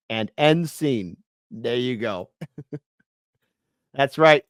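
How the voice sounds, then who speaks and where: A woman's voice: extremely low pitch, lively intonation, extremely slow, no echo, clean studio sound. A woman from Chicago hosting an online commentary show, talking in a mocking, playful way. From Chicago, USA. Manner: mocking, playful, bouncy delivery. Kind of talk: casual commentary stream.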